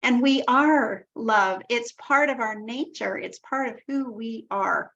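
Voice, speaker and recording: A woman's voice: fairly high pitch, takes it slowly, creaky. Woman hosting an online group call. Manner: warm-hearted, repeats herself, loving affirmations. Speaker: call host. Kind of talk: casual spiritual group call talk. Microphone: video call. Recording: dull lo-fi video call audio.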